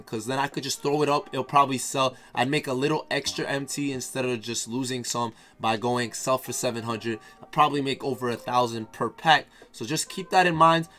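A man's voice: mid-range voice, fairly bright tone. A man giving casual, hyped commentary while opening packs in a video game, talking straight to his viewers and repeating phrases. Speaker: gaming YouTuber.

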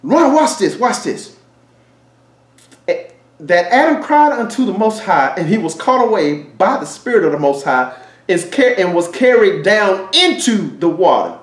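A man's voice: high voice, very animated, a little slow, reverberant. A man preaching an emotional Bible teaching. He laughs, weeps and exclaims, and often repeats his words.

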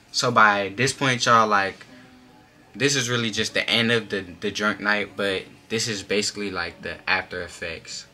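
Bright-voiced young man telling a story. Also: low voice. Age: young adult. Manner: animated, slangy, many filler "like"s. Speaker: vlogger. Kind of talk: casual storytime.

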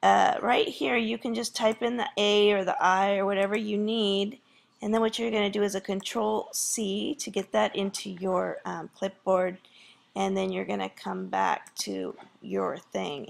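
A woman's voice: medium pitch, steady tone, moderate pace, vocal fry. A woman teacher walking through a screen tutorial in a casual way, thinking aloud with fillers.

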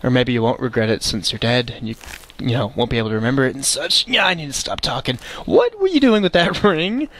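Excitable, animated man narrating gameplay. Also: medium pitch, fairly quick. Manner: excitable, chatty, talks to game animals. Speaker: game streamer. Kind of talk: let's play commentary.

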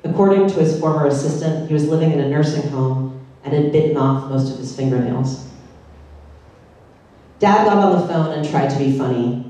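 Deadpan woman reading in an echoey hall. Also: deep voice, normal speed, distant mic. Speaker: author reading her novel. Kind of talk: public reading. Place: large synagogue hall.

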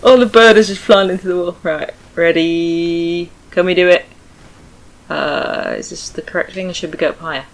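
A British woman playing a video game, cursing, shouting at her character and laughing as she plays. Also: lowish voice, fairly quick, poor audio. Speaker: gaming streamer. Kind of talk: casual let's-play commentary.

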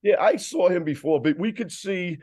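A man chatting casually as a guest, telling a long story in a lively, rambling way with many restarts. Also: high-pitched, normal speed, no echo. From New York. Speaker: guest describing a concert. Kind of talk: casual chat.

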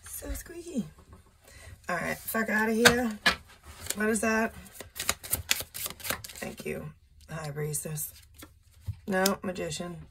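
A woman reads tarot cards at an unhurried pace, musing aloud with the odd blunt aside. Her voice has a gravelly, fry-heavy edge. A faint hiss sits under the recording. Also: mid-range voice. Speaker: tarot reader. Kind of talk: casual solo tarot reading. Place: indoor room with a window.

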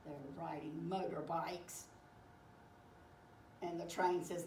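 A woman tells a children's story as a storyteller, slow and expressive, with her pitch rising and falling freely. The mic sits some distance away in a roomy, echoing space, and a faint hiss runs underneath. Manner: animated and expressive. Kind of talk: picture-book read-aloud for children.

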